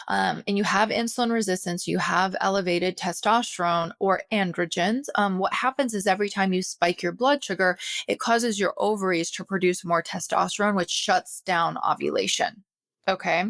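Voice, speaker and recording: A woman's voice: medium pitch, moderate pace, a bit bright, no room sound. A woman hosting a health podcast in her thirties, talking casually and checking in with frequent "okay?" asides. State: out of breath. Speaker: podcast host. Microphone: podcast recording setup.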